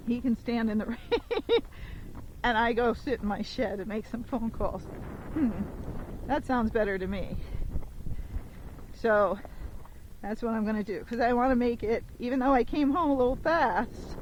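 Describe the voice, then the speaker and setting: A woman's voice: on the high side, moderate pace, long pauses, dull audio, slight background noise. Woman trainer counting beats from horseback. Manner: counts the gait beats aloud in a steady rhythm; casual and chatty, explaining each step. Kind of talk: instructional commentary while riding. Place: outdoors on horseback on a road in the rain.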